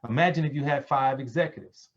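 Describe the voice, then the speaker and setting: A man giving a sales pitch on a conference call, preachy, calling his listeners family. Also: fast. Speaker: presenter on a business call. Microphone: conference call line. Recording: dull lo-fi call audio.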